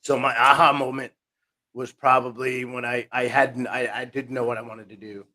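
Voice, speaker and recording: A man's voice: medium pitch, moderate pace. A man, a podcast guest telling his life story in a rambling, self-interrupting way. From New Jersey, USA. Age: 50s. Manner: rambling, self-interrupting, animated retelling with quoted voices.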